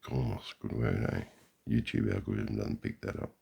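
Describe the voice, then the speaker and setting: A man's voice: very deep voice, little pitch movement, normal speed, gravelly, a little mellow, slightly rough. An Australian man giving a sarcastic, profane running commentary outdoors beside a golf green. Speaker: vlogger.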